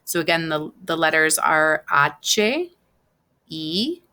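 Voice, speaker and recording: Woman teacher, recorded online lesson, low voice, bright tone, slow patient dictation. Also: lively intonation, clear, resonant tone. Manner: slow, patient spelling out of letters with repeats. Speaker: Spanish teacher.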